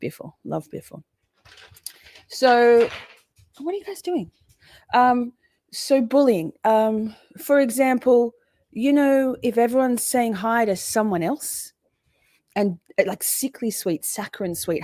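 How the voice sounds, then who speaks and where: A woman's voice: a little high, expressive, slow, long pauses, mellow, dry recording. Woman streamer, loose rambling commentary, salty language, dry unroomy mic. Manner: rambling, chatty, swears freely, breaks off to greet chat. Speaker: livestream host. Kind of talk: casual livestream commentary.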